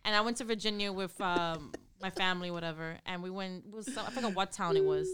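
A woman's voice: medium pitch, quick pace, noisy background. A woman from Brooklyn with a New York accent, chatting casually as a podcast co-host and acting out the people in her stories. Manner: animated storyteller, acts out voices. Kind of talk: casual chat.

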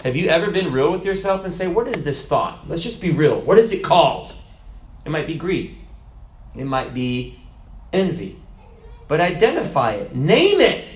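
A man preaching a sermon in an animated way, often changing his pitch and loudness and putting on voices. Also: normal speed, long pauses. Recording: roomy echo.

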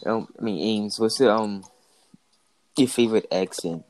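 Deep-voiced teasing young guy. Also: normal speed, darkish tone, poor audio. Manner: teasing, argumentative. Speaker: co-host. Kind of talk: casual podcast chat.

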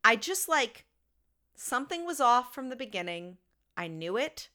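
Podcast co-host, woman, bright voice, ranting and swearing casually. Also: a little high, big pitch swings, a little slow. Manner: ranting storyteller, swears freely. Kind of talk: casual chat.

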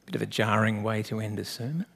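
A man's voice: lowish voice, steady tone, quick pace, vocal fry, a bit bright, husky. A male pastor giving a sermon, earnest and direct, putting questions to the congregation.

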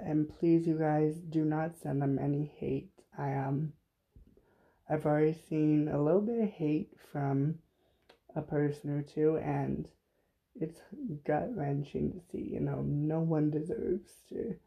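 A man hosting a podcast alone, speaking slowly and haltingly with lots of pauses and fillers. His voice has a gravelly edge and sounds close to tears. The recording is a bit dull and lo-fi. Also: fairly high pitch. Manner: halting, many fillers, emotional and apologetic. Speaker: podcast host. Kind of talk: unplanned solo podcast talk.

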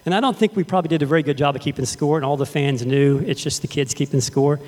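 Casual preacher from Texas, middle-aged man, slightly high voice, in a long reverberant sanctuary. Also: fast talker, a little mellow. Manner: casual, conversational, addresses the congregation directly. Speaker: pastor. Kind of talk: sermon with storytelling. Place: church sanctuary.

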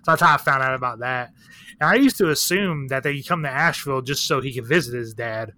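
A man's voice: mid-range voice, quick pace, pushed and bright. A man talking as a podcast guest in a candid, rambling, profane casual chat full of fillers. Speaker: guest, record shop owner.

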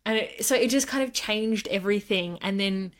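A woman co-hosting a casual podcast about books and films. She talks in a loose, rambling way, full of asides. She keeps breaking into animated acted-out quotes. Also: medium pitch, normal speed. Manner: animated, acts out quotes in voices. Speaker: podcast co-host. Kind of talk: casual chat.

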